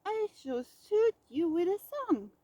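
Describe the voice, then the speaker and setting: Woman doing a squeaky cheerful mouse. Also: sing-song, slow, dry recording, full character voice. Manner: bright, chirpy and helpful. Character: cheerful, eager little male mouse. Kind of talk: storybook read-aloud.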